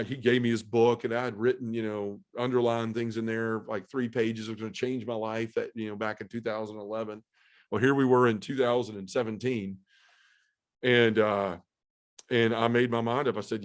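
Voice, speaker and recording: A middle-aged man, a podcast guest, telling his personal testimony in a candid, earnest way and acting out his own thoughts. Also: lowish voice.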